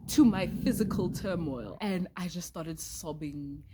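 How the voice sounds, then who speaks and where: A woman's voice: fairly low pitch, a little slow, background noise. A teenage girl, telling a story to her vlog in a candid, dramatic way with casual slang. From South Africa. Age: teens. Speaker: vlogger.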